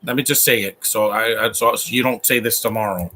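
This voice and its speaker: Husky opinionated man commentating. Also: on the low side, steady tone, brisk, bright, forceful tone. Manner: opinionated, rambling, frequent restarts. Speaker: host. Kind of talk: casual live movie commentary.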